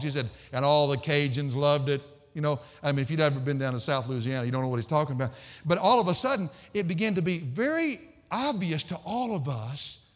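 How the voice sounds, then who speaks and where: A man's voice: fairly high pitch, a bit bright. Emphatic preacher man in a reverberant hall. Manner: emphatic, storytelling, repeats phrases for stress. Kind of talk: expository sermon.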